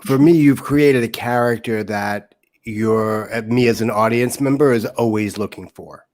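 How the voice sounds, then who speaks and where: A man hosting an interview show, speaking earnestly and in a measured way. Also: mid-range voice, a little mellow. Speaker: host. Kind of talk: interview chat.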